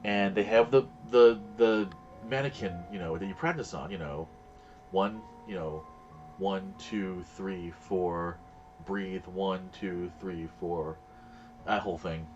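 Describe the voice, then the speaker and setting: A man's voice: sits low, slow pace, darkish tone, muffled recording, faint music behind. A man streaming a game and chatting casually, telling stories in a rambling way and acting out the voices of the people in them. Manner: rambling storyteller, acts out quoted voices. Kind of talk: casual chat while gaming.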